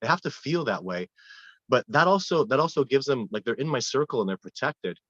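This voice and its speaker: A man's voice: mid-range voice, brisk, dry recording. Earnest male expedition guide telling stories in an interview, dull dry lo-fi audio. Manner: earnest, animated storyteller with frequent restarts. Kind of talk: casual interview storytelling.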